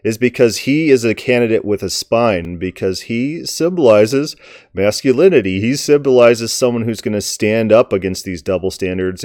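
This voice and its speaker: A man with a fairly low voice delivers political commentary in a combative, emphatic style. The sound is dry, with almost no room echo. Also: a little mellow.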